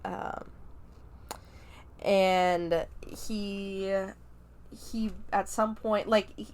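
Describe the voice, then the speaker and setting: A woman's voice: medium pitch, fairly even intonation, very slow, darkish tone. A woman hosting a podcast, giving a casual spoken review of a film, talking chattily with lots of ums and likes. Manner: chatty, many fillers like um and like.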